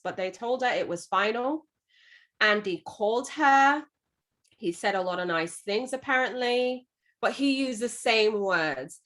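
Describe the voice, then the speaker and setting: A woman's voice: medium pitch, expressive, a little slow, bright, forceful tone. A woman co-hosting a casual podcast about a book, retelling it at length. She talks conversationally and keeps dropping in "you know" as she goes. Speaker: podcast co-host.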